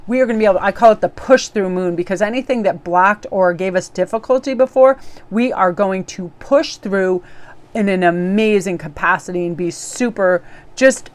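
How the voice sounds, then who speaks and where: Woman, tarot reader, bubbly, effusive, chatty, mid-pitched voice. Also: normal speed. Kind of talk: casual daily tarot reading.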